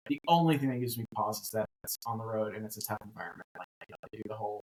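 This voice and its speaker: A man in his thirties co-hosting a casual sports talk show, rambling and animated, with lots of restarts. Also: on the low side, racing, poor audio. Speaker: co-host.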